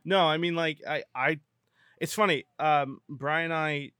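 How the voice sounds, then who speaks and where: A man's voice: on the high side, steady tone, a little slow, pushed and bright, smooth, no room sound, clean studio sound. A man co-hosting a podcast, rambling and correcting himself as he talks. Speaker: podcast co-host. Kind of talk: casual chat.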